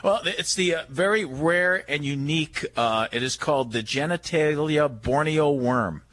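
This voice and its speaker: A man's voice: a little high, unhurried, fairly bright tone. A man, a dog trainer, teasing and joking in studio banter on a pet radio show. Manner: teasing, playful.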